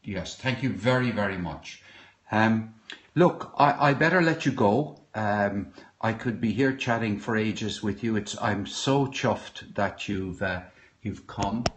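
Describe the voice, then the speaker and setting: Rambling Irish man, low voice. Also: slightly rough. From Ireland. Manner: rambling, halting, with many fillers and restarts. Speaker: podcaster. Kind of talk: casual live-stream chat. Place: home kitchen.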